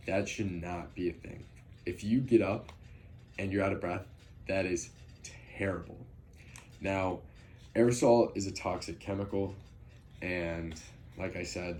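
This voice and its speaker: A man's voice: low-pitched, darkish tone, a little hiss or hum. A young man giving an earnest persuasive speech, with frequent ums and restarts. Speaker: student speaker.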